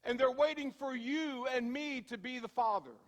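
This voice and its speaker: A man preaching a sermon as pastor in a church, telling everyday stories in a conversational way, slowing down to stress points and speeding through asides. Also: very high-pitched, big-room sound. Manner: conversational storytelling, shifting from slow emphasis to quick asides. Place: church sanctuary.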